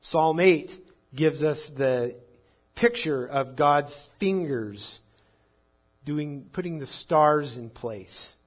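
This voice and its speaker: Husky-voiced man preaching a sermon. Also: on the high side, very slow, muffled recording. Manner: emphatic, rising and falling in volume.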